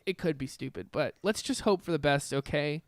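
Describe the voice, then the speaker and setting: Upbeat, chatty young-sounding host. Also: male voice, on the high side, brisk, no room sound. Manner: chatty, upbeat, stumbles over words. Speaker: podcast host. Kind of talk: casual podcast chat.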